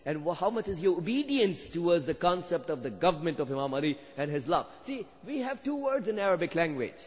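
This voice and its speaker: A male preacher tells a story, his slightly high voice rising into fervent emphasis. The sound is dull and muffled. A long reverb trails behind him, as in a large hall. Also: very animated, brisk. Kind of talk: sermon.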